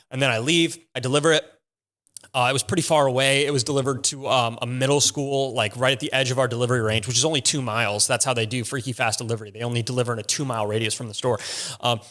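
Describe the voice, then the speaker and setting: A man's voice: fairly high pitch, sharp tone. A young man hosting a podcast, telling a personal story in a casual, profane and emphatic way. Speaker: podcast host.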